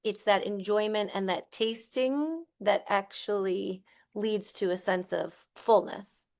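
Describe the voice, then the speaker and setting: A woman's voice: medium pitch, slow pace, a little mellow. Woman co-hosting a thoughtful podcast. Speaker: podcast co-host. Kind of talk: conversational podcast discussion.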